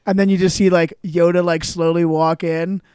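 Comedian man, high clear voice, dry close mic, loose profane banter. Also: level tone, moderate pace, a little mellow, dry recording. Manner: loose, profane, laughs often. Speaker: comedian podcast guest or host. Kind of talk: casual comedy podcast chat.

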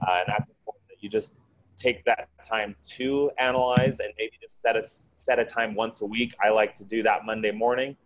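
A man's voice: lowish voice, steady tone, normal speed, dull audio. A man chatting casually on a podcast panel, repeating words and tossing in "right" and "I mean". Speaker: panel guest.

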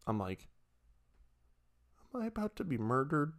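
A young man, a podcast co-host, telling a long story in a hushed, drawn-out way and swearing freely. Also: medium pitch, wildly swooping pitch. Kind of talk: casual storytelling.

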